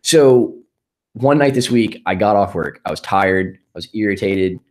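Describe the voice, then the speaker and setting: Low-voiced man telling a crude story. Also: lively intonation, measured pace, a little mellow, poor audio. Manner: profane, laid-back storytelling. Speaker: podcast co-host. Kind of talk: casual chat.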